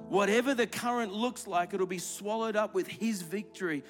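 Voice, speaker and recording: A man with a high voice preaches in a large church auditorium, pressing his points with emphatic repetition. Music plays clearly beneath him throughout the recording. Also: normal speed, hardly any pauses. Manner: rising, emphatic preaching with repeated phrases. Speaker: executive pastor. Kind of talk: sermon with closing prayer. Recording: clear music playing under the voice.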